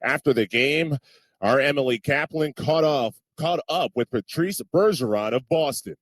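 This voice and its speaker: A man anchoring a sports news roundup, reading scripted highlights in a brisk, even delivery. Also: no room sound.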